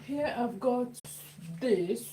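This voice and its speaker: Woman, unhurried cooking-vlog chat, repeats herself while stirring, noisy kitchen with clicks behind. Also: fairly high pitch, lively intonation. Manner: chatty, repeats phrases while working. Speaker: cooking vlogger. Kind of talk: casual cooking demonstration. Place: home kitchen.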